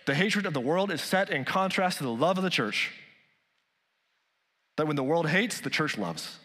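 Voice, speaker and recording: A man's voice: on the high side, lively intonation, normal speed. Emphatic male pastor in a reverberant hall. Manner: emphatic preaching, rising loud on key points and dropping soft on others. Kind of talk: sermon.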